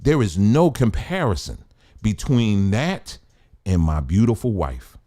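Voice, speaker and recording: A man's voice: on the low side, sing-song, a little slow, dark tone. A man hosting a casual commentary show, talking in a blunt, emphatic, colloquial way.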